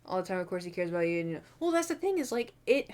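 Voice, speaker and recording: A woman's voice: on the low side, very animated, racing, darkish tone. Young woman, streamer, casual rambling chat, candid, swears, filler-heavy, home desk mic. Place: home room.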